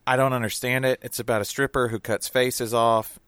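A man's voice: mid-range voice, level tone, brisk, a bit bright, smooth, no room sound. A man in casual podcast chat, rambling with lots of fillers and restarts. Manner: rambling, hesitant, many fillers. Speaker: podcast co-host reviewing a film.

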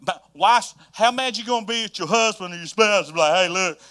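A Southern-accented man preaches as a pastor, telling his story with animated energy and repeating key phrases. His voice sits high and sounds bright. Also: fairly quick. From North Carolina, US. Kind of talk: sermon.

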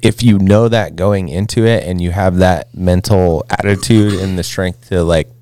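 A man hosting a casual podcast, calm and encouraging. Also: low voice, normal speed, no echo, clean studio sound.

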